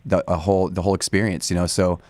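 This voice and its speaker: A man's voice: low-pitched, level tone, fast talker, darkish tone, no room sound. A man in his forties from Northern California, a studio guest talking at length in a casual, rambling way with many restarts. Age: 40s. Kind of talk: casual interview talk. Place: radio studio.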